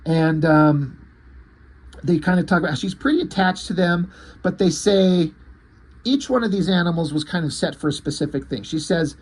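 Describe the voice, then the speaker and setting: A man reviewing a comic book, rambling through the plot in a halting, casual way with many fillers and restarts. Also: on the high side.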